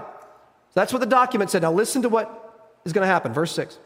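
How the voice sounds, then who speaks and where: High-voiced animated male preacher. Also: brisk. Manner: animated, emphatic, conversational storytelling. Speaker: pastor. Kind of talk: expository sermon. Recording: reverberant church hall.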